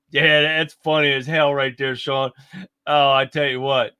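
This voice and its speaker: A man's voice: on the high side, level tone, measured pace, pushed and bright, smooth, dry recording. A man hosting a livestream, chatting in a folksy, exclaiming way as he reacts to clips and talks to viewers. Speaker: livestream host. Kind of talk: casual livestream commentary on clips.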